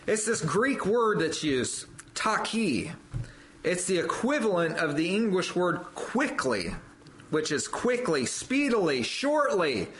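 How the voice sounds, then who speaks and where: Fervent male preacher, very animated delivery, lines repeated for stress. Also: high-pitched, a little hiss or hum, rough recording. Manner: fervent, rising to loud emphatic peaks on quoted scripture; repeats phrases for emphasis. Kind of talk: sermon.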